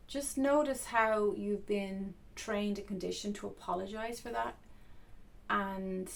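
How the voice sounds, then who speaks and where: A woman coach talking softly and earnestly to camera in an unhurried, reflective way. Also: medium pitch, vocal fry, a little hiss or hum.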